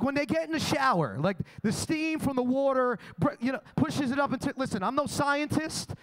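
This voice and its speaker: High-pitched brash man doing crude stand-up. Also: a bit bright. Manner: brash, crude, boastful storytelling. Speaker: stand-up comedian. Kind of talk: live stand-up comedy set. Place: comedy club.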